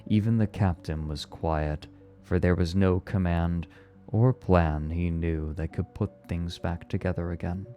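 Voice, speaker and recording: A man reading a story aloud in a slow, measured and solemn way. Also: deep voice, fairly even intonation, dark tone, faint music behind.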